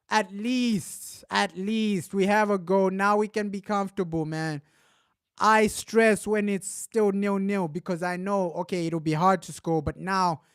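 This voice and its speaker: A man commenting live on a match as a fan, grumbling through the slow spells and shouting with excitement when his team scores. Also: sits high, clean tone, no room sound, clean studio sound. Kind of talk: live watch-along commentary.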